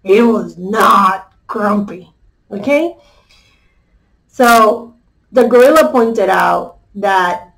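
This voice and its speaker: A woman's voice: mid-range voice, very slow, gravelly, pauses often, a bit bright, rough recording. A woman life coach retelling a children's story in a casual, conversational way, often checking in with her listeners.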